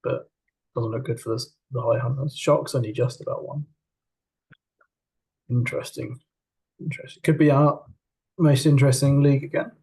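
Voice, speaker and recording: A man co-hosting a casual podcast chat, hesitant and trailing off, with quiet laughs. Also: mid-range voice, fairly even intonation, moderate pace, gravelly, long pauses, husky, poor audio. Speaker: co-host.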